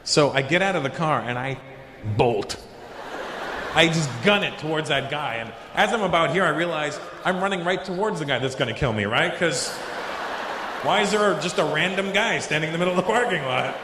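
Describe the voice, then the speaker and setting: A man doing stand-up comedy, telling a story with lively delivery and acting out the people he meets. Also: fairly high pitch, a little fast, reverberant, big-room sound, noisy background.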